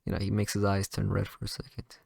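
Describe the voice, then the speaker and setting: Guy rambling thru a fan story, lots of um and you know, kinda gravelly. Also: fairly low pitch, completely flat delivery, fast, a little mellow, dry recording, studio quality. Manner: rambling, many fillers and restarts. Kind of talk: casual improvised fan story narration.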